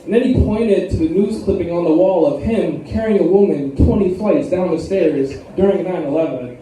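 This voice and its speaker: A man's voice: high-pitched, moderate pace, mellow, a little hiss or hum. A young man doing a stand-up comedy set in a lounge, with a laid-back, rambling delivery full of fillers. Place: lounge with a live audience. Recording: echoey room, far from the mic.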